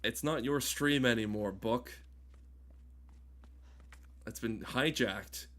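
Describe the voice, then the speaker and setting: A man's voice: medium pitch, slow, a bit bright. Rambling, swearing male game streamer. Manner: rambling, swearing, self-interrupting, joking with chat. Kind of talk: casual gaming stream commentary.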